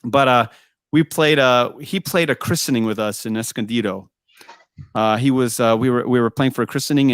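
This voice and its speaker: A smooth, medium-pitched male voice comes through clean studio audio with no echo. He's a guest musician in a casual interview, telling lively tour stories, laughing often, and playing out the dialogue with plenty of "I go."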